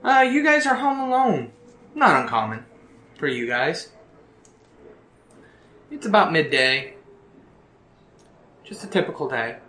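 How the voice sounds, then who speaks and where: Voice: mid-range voice, sing-song, takes it slowly, long pauses, pushed and bright. A storyteller narrating a tabletop role-playing game in a descriptive, matter-of-fact way, recorded with a roomy echo.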